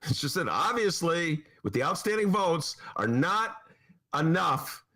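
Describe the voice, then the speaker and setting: A man's voice: fairly high pitch, very animated, measured pace, sharp tone. A man hosting a political talk podcast in a studio, sarcastic and mocking in his banter. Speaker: podcast host. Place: radio studio.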